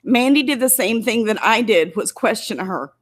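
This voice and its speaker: A woman vlogger talks straight to her viewers in an angry, emotional commentary. Her voice sits a little high and keeps a tearful, indignant edge, as if she is holding back crying. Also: animated, normal speed. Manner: emotional, indignant, close to tears. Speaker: YouTuber.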